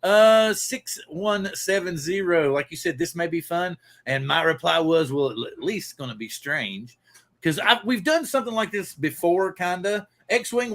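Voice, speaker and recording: A man's voice: high voice, fairly bright tone. A man hosting a casual live stream, rambling loosely and greeting viewers by name. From Pacific Northwest. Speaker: livestream host.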